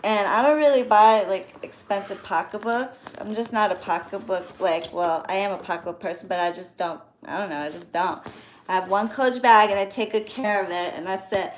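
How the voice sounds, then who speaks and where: A woman's voice: medium pitch, normal speed, slight background noise. A woman in her thirties chatting to her viewers while opening birthday gifts, gushing with thanks. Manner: effusive, grateful, gushing. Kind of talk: casual chat to viewers.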